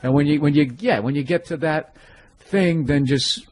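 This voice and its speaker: A middle-aged man, a comedian guest, talking in animated, swearing, rambling rants. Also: a little high, normal speed, a little hiss or hum. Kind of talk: casual interview chat.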